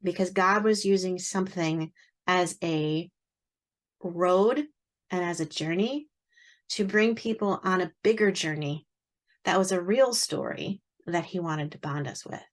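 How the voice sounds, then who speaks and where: A woman in her forties, an author, telling a personal story in a lively way and acting out the dialogue. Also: lowish voice, unhurried. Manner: animated, acts out quoted dialogue.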